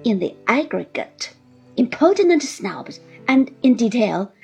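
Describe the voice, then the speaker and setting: A woman's voice: on the high side, very animated, unhurried, creaky, darkish tone, husky, faint music behind, heavily acted. A woman voicing a pompous, flowery middle-aged husband who speaks in grand, long-winded phrases. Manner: grandiloquent, heated then relenting.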